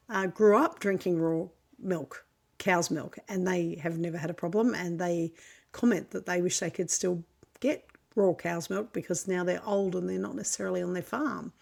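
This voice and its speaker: A woman's voice: on the low side, creaky. A woman with an Australian accent hosting a podcast, talking in a chatty, frank and opinionated way with plenty of fillers and self-corrections. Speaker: podcast host and homesteader. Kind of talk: casual unscripted monologue.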